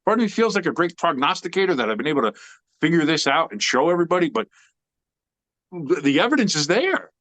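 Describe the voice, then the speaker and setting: A man's voice: fairly high pitch, sing-song, fast, a bit bright. Opinionated male sports podcast host. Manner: opinionated, emphatic, rambling with fillers. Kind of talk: casual sports talk.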